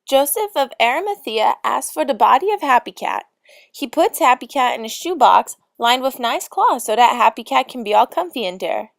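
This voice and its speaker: A woman's voice: high-pitched, big pitch swings, normal speed, gravelly, dry recording, studio quality. A woman narrating a comic storybook in mock-solemn lolcat speak.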